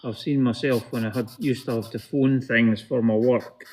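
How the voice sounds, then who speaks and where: A man's voice: mid-range voice, fairly even intonation, normal speed, a little mellow. A Scottish man chatting casually with dry, wry remarks as co-host. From Scotland. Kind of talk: casual chat.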